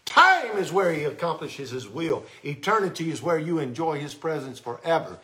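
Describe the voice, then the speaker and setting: A male pastor preaching a sermon with fervent energy that sometimes drops to soft, intimate tones, speaking on a microphone in a church sanctuary. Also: on the high side, normal speed. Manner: fervent, rising to excited shouts then dropping to soft, intimate tones.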